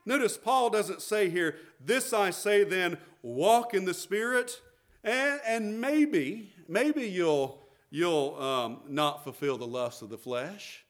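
A man's voice: high-pitched, lively intonation, slow pace. A middle-aged man, preaching a sermon as pastor, emphatic and repetitive.

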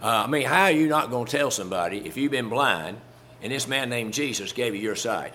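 A man's voice: medium pitch, expressive, brisk, pushed and bright. A man preaching a sermon in a folksy, conversational way, chuckling as he talks through a Bible story to his congregation.

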